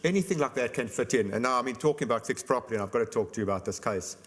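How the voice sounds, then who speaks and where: Fast-talking financial expert. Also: male voice, medium pitch. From South Africa. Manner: brisk, explanatory, rapid-fire examples. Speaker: insurance company expert guest. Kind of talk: virtual conference interview.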